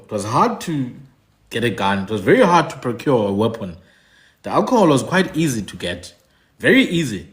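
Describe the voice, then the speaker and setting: A man from Africa, giving emphatic commentary, repeating his points and asking "hmm?". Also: medium pitch. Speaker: podcast host. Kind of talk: animated commentary.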